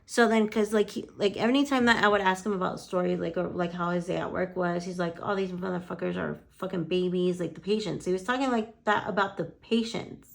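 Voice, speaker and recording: Woman lash artist, gravelly, chatty storyteller with a foul mouth. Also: medium pitch, fairly quick, hardly any pauses. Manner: chatty, quotes conversations with "I'm like", swears freely. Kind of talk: casual storytelling chat.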